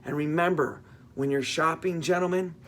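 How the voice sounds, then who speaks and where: A man's voice: a little high, moderate pace, fairly bright tone, slight background noise. A man, a pastor, giving a casual devotional and telling a humorous everyday story with fillers and self-corrections.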